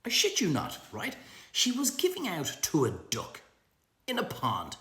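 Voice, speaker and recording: A middle-aged Irish man delivering a profane comic rant to camera, ranting in an animated, swearing way. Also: unhurried. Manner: profane, animated ranting with big pitch swings. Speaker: social media comedian. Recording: roomy echo.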